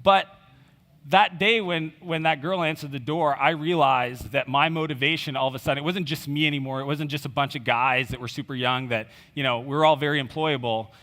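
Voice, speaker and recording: A man's voice: on the high side, fairly even intonation, brisk, fairly bright tone. A man giving a conference keynote, telling a personal story in a conversational way, with fillers and quoted dialogue. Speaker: conference speaker. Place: conference stage in a large hall. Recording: reverberant hall.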